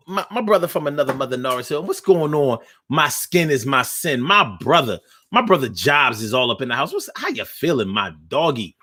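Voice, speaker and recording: A man's voice: mid-range voice, sing-song, normal speed, pushed and bright. A man hosting a casual livestream, reading chat aloud and joking in a slangy, profane way.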